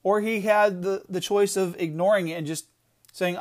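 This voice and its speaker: A man's voice: high voice, fairly even intonation, normal speed. Earnest man giving a devotional talk. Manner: earnest, emphatic preaching with frequent restarts. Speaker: podcast devotional speaker.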